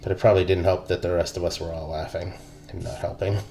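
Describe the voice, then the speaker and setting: A man's voice: deep voice, little pitch movement, fast talker, gravelly, dark tone. A man in his thirties, an army veteran, telling stories in casual podcast chat, laid-back and profane, laughing as he goes.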